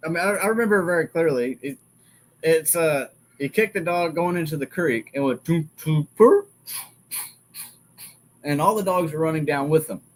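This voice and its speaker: A man's voice: a little high, a little fast, low-quality recording. A man in casual chat, chiming in with short details and agreement as a guest. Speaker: guest adding to the story.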